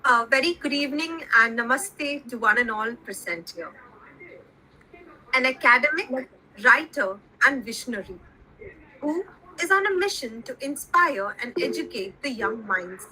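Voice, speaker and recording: A woman's voice: sits high, expressive, measured pace, bright, forceful tone, low-quality recording. A woman introducing a guest speaker at a webinar in a formal, ceremonious way.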